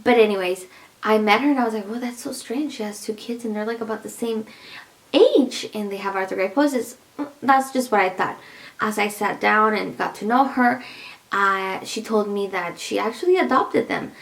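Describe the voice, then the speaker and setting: A woman's voice: medium pitch, moderate pace, creaky. A pregnant woman chatting to her viewers in a casual vlog, rambling and laughing often as she talks. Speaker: vlogger.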